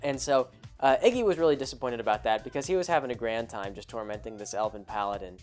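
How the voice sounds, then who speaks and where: A man's voice: medium pitch, quick pace, a little mellow, faint music behind. A man hosting a podcast, casually retelling a tabletop game session in a chatty, rambling way full of asides. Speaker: podcast host. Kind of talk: casual storytelling.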